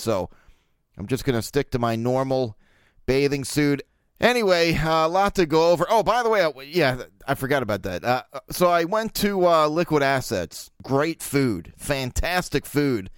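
In studio-quality audio with no room sound, a mid-range, clean male voice carries a casual solo podcast. The host, a man in his thirties from Baltimore, USA, rambles and jokes crudely, using lots of fillers.

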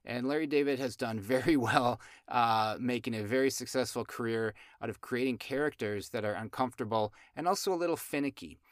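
A man's voice: medium pitch, a little fast, few pauses, dry recording, studio quality. A man hosting a show about astrology, chatting casually with lots of fillers and restarts and some playful asides. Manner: rambling, many fillers and restarts. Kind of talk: casual chat.

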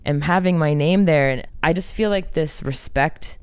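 A woman's voice: low voice, moderate pace, a little mellow, clear, resonant tone, no echo. A woman singer in a band, talking candidly and expressively in a casual interview and swearing freely.

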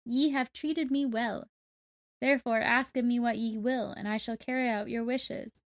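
A wise giant frog speaks in slow, solemn, archaic words from a storybook, as a woman reads it aloud. The delivery stays measured and formal. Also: a little high, fairly even intonation, close to an everyday voice.

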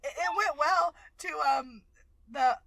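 A woman's voice: high voice, measured pace, fairly bright tone, dry recording. A young woman co-hosting a podcast, chatting candidly about a TV show, swearing freely and laughing often. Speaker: podcast co-host. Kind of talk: casual chat recapping a TV show.

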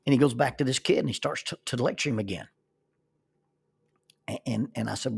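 A man telling a personal story as a life lesson, animated and acting out the people in it. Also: mid-range voice, brisk, vocal fry, long pauses, husky. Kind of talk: spoken storytelling.

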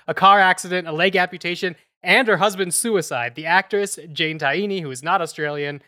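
High, bright-voiced man reading wryly. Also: smooth. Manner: wry, dramatic, precise reading. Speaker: podcast co-host. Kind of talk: read debate opening.

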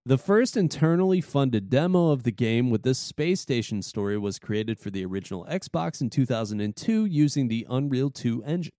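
A man's voice: mid-range voice, expressive, moderate pace, few pauses, mellow, dry recording, clean studio sound. A man co-hosting a chat, reading out game history facts and joining in the banter. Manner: reads facts, then laughs along. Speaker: podcast co-host.

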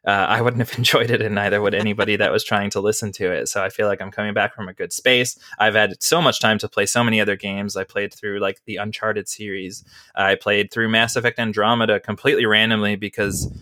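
Man, podcast host, rambling casual chat, bright tone, dry sound. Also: fairly low pitch, little pitch movement, fast, no echo. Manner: rambling, chatty with frequent fillers and laughs. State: has the hiccups.

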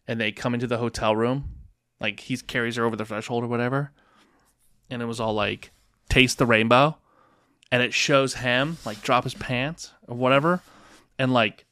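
A man's voice: medium pitch, bright, forceful tone, dry recording, studio quality. A man co-hosting a podcast in casual banter, crude and laughing often. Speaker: podcast co-host.

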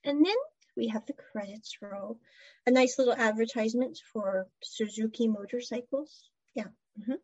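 Woman, high voice, breathy, dry close sound, slightly dull lo-fi audio, chatty episode recap. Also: normal speed, darkish tone, dry recording. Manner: chatty storyteller, giggles, asides. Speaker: drama recap vlogger.

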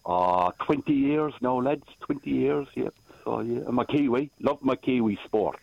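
A man's voice: mid-range voice, normal speed, gravelly, slightly rough, dry recording. An Irish man calling in to a radio show, talking in a rambling, easygoing way. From Ireland. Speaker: radio caller. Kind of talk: casual phone chat. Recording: lo-fi phone line.

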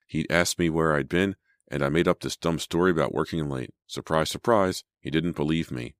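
A flustered, defensive teenage girl, protesting and pleading, as a man with a very deep voice puts her on. The reading is dry and close, her pitch lifted above his own. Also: moderate pace, dry recording. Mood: confessing.

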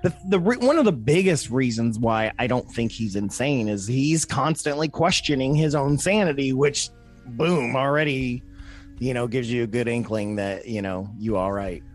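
A man's voice: medium pitch, animated, moderate pace, faint music behind. Man chatting casually on a podcast. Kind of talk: casual chat.

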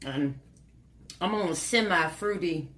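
A woman's voice: fairly low pitch, unhurried, fairly bright tone. A woman co-hosting a casual talk show, teasing her partner and laughing often. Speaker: co-host. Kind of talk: casual chat.

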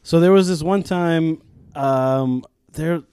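A man's voice: on the high side, takes it slowly, smooth, no echo, studio quality. A young man on a podcast, telling a story in casual chat, swearing a lot and acting out what people said. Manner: animated, profane, acts out quotes in raised voices. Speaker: podcast co-host.

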